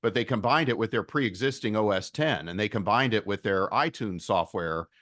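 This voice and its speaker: Low-voiced man explaining, dry sound. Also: moderate pace, no room sound. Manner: explanatory, steady, repeats opening words. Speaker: venture investor guest. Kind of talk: podcast interview.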